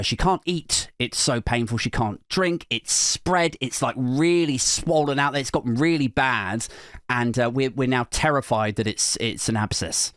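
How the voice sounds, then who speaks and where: A man, a podcast host telling a comic story in a sweary, animated way, acting out other people's voices. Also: medium pitch, no room sound, clean studio sound. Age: 40s.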